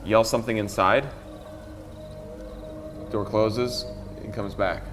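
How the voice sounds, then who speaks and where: A man's voice: on the low side, steady tone, takes it slowly. A man narrating as game master of a tabletop game, describing scenes with fillers. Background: background music.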